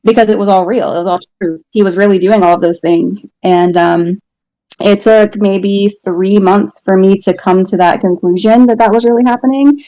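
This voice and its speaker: A woman's voice: medium pitch, fairly even intonation, normal speed, dark tone, dry recording, rough recording. A woman, a guest on a talk show, candidly telling a personal story and laughing at herself now and then. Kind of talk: casual personal testimony.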